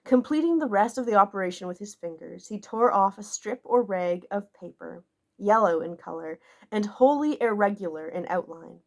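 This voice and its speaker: This is a woman reading a classic novel aloud as an audiobook. Her delivery is measured and expressive, and she shapes each sentence with care. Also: mid-range voice. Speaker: audiobook narrator.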